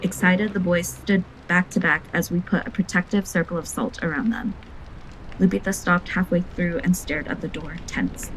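A woman's voice: fairly low pitch, fairly even intonation, moderate pace, a little hiss or hum, rough recording. Earnest woman narrating a spooky tale. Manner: earnest, vivid storytelling. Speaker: podcast host and narrator. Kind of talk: scripted storytelling narration.

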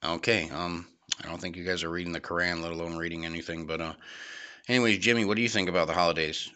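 Hesitant young man hosting, low voice. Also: fast talker, clean tone. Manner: hesitant, many ums, deadpan. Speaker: host. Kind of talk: amateur comedy podcast.

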